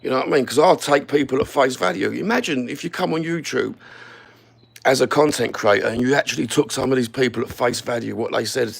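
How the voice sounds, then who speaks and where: This man is a YouTube creator filming himself while standing, ranting bluntly and angrily with plenty of swearing. He talks a little fast in a medium-pitched voice that is gravelly and slightly rough.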